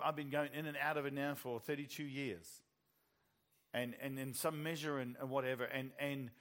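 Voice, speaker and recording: A man's voice: medium pitch, a bit bright. A middle-aged man with a New Zealand accent preaching a sermon, telling stories with animation and laughing at his own jokes.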